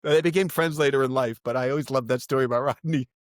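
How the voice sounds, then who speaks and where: A middle-aged male comedian telling animated stories as a podcast guest, acting out quotes. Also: mid-range voice, fast, dry recording, studio quality. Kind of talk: casual storytelling.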